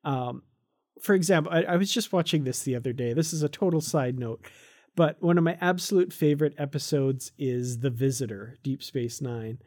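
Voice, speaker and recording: Mellow-voiced enthusiastic podcast host. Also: mid-range voice, moderate pace. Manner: enthusiastic, chatty, laughs often. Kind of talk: casual chat reviewing a comic.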